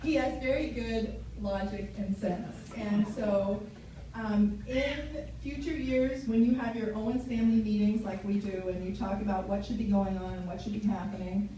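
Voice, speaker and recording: A woman's voice: mid-range voice, steady tone, moderate pace, dark tone. A middle-aged woman, the mother of the bride, telling a story in a chatty way and laughing through her speech at a wedding reception. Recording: echoey hall from far off, crowd noise.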